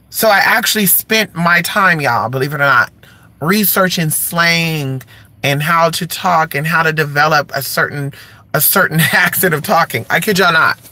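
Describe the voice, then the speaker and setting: A flamboyant, sassy Californian man hosts a casual live-stream chat in a bright, forceful voice pitched a little high, at a moderate pace. He calls listeners honey and keeps cheering the chat on with repeated "come on," speaking into a phone or computer mic in a dry recording.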